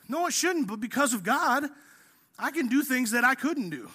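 A male pastor preaching a sermon in a casual, energetic way, acting out the story as he tells it. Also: very high voice, a little fast, breathy edge. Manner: energetic, casual preaching, says "man" often; acts out the story.

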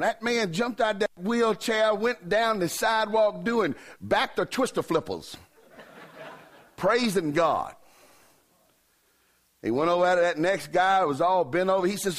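A man's voice: high-pitched, expressive, moderate pace. A man, a revival preacher telling a joke story in a folksy, joking way. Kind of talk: humorous sermon storytelling.

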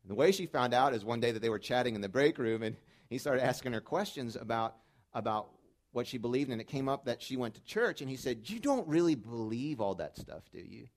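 A middle-aged male pastor delivers a sermon with a mid-range voice. He tells stories in a conversational way, then climbs into loud, fervent stretches. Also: medium pitch, brisk. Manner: storytelling, builds to loud fervent peaks.

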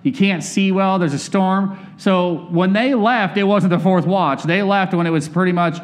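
Higher-voiced man preaching a conversational sermon. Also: normal speed. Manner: candid, personal, asks the listeners questions.

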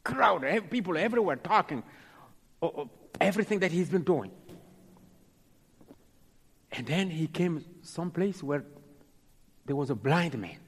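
A husky, lively male preacher with a voice on the high side tells stories in his sermon, dramatically acting out the people in them. He's halting and repeats words, and a long hall reverb trails his voice.

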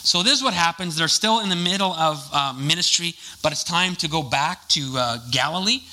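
A man's voice: fairly high pitch, moderate pace, pushed and bright, poor audio. A man preaching a casual, conversational sermon, full of jokey asides and fillers.

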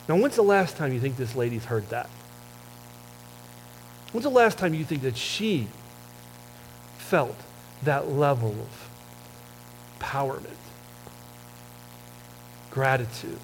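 A man's voice: animated, slow pace, pauses often, a little hiss or hum, low-quality recording. Conversational, storytelling male pastor. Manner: conversational storytelling, dropping to soft low tones for emphasis; self-described wordy talker. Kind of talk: sermon.

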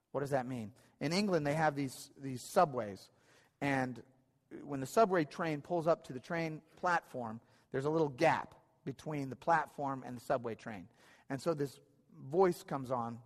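A man's voice: medium pitch, long reverb tail. A man preaching a sermon to his church in a conversational way, often restarting and repeating phrases. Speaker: pastor. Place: church hall.

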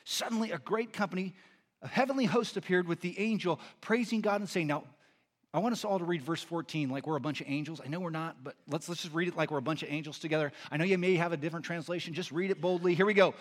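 A man, a pastor, delivering a sermon, moving between earnest teaching and animated storytelling. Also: fairly high pitch, fast. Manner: animated storytelling with lively impressions.

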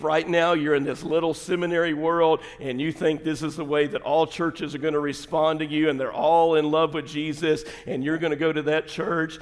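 A man preaching a sermon as pastor, telling folksy stories and building to emphatic, shouted points. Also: fairly high pitch. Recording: long hall reverb.

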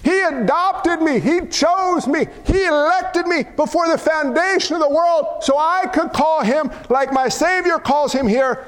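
Man, pastor, sermon, fervent and emphatic, very high pitch, long hall echo. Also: unhurried, few pauses, fairly bright tone. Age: adult father of young children. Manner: impassioned, builds to emphatic outbursts. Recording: long reverb of a large hall.

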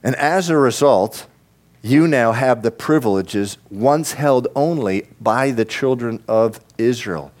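In a medium-pitched, darkish voice, a pastor preaches slowly to his church. His sermon speaks directly to the congregation and builds into fervent, repeated emphasis.

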